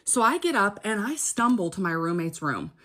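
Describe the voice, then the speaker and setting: A woman's voice: medium pitch, very animated, normal speed, a bit bright. A young woman casually telling a personal story, chatty and dramatic, often checking in with her listener. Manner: chatty, keeps checking in with "okay?".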